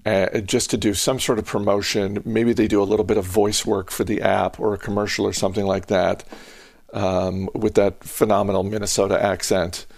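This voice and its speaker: A man's voice: lowish voice, level tone, normal speed, vocal fry, a little mellow, dry recording. A man hosting a podcast, chatting casually and restarting his sentences often. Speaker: podcast host.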